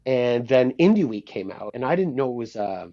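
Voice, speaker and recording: A guest musician, a guitarist and producer, recounts stories in a relaxed interview, animatedly voicing what others said and cursing casually. He speaks at a normal speed with a medium pitch, captured in dull lo-fi audio.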